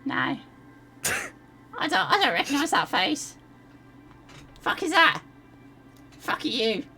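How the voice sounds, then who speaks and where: A crude goblin guard, as a game master puts him on, squeaky and far higher than a normal voice, jeering and swinging around in pitch. There is faint music behind. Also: male voice, wildly swooping pitch, slow, vocal fry, sharp tone, full character voice. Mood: suspicious. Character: rude suspicious male goblin guard.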